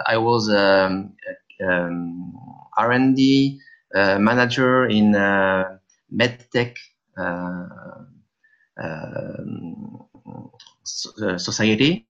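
A middle-aged man from France with a French accent, answering interview questions in a halting, hesitant way. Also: lowish voice, fairly bright tone, dull audio. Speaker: guest.

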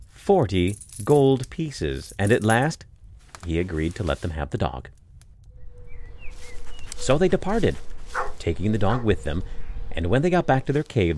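A man narrating a fairy tale in an expressive storytelling style, with wry asides. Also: fairly low pitch.

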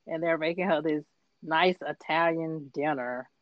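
A woman guest on a casual podcast, animated and giggly, tossing in apologetic asides. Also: sits low, measured pace, no room sound, highs cut off. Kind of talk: casual chat.

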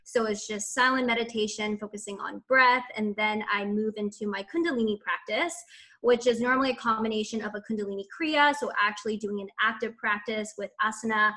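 A woman's voice: on the high side, steady tone, brisk, bright, forceful tone. A woman guest on a podcast, answering enthusiastically and gushing about her practices, with lots of "like" and light laughter. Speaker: podcast guest, spiritual coach. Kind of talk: upbeat podcast interview answers. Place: lives in Montreal.

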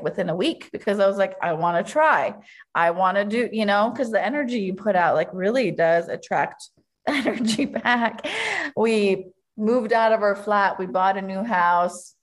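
A woman telling a personal story in conversation, candid and emotional, with many "like" fillers. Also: mid-range voice. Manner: candid and emotional, heavy use of "like". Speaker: guest.

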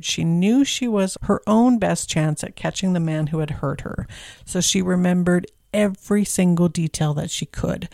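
A woman's voice: fairly low pitch, gravelly, warm tone, no room sound, studio quality. A woman hosting a podcast, telling a true crime story in a casual, conversational way with filler words. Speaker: podcast host.

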